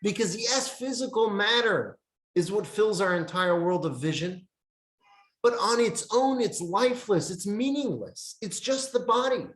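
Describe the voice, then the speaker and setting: A man teaching a lesson on Jewish meditation, speaking in short emphatic phrases with pauses and reading from a handout. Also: high voice, animated, a bit bright. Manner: reads from a text handout. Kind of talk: classroom lesson with storytelling. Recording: roomy echo.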